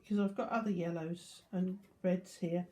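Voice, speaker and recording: An older woman gives a calm, explanatory watercolour demonstration, talking through each step as she paints. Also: lowish voice, normal speed. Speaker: art teacher.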